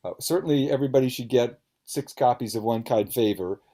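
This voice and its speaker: A man's voice: mid-range voice, fairly quick, dark tone. A man interviewing a fellow author at a book event, speaking in an earnest, emphatic, talkative way over a video call.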